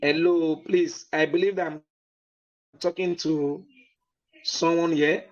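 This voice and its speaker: A man hosts an online meeting and speaks slowly and deliberately in a fairly high voice. He repeats himself often, keeps asking whether everyone can hear him, and leans on fillers. The sound is dull and lo-fi, like a computer mic on a video call. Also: steady tone, darkish tone. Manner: slow, deliberate delivery with many fillers. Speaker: host of an online business meeting. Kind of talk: motivational talk on an online call.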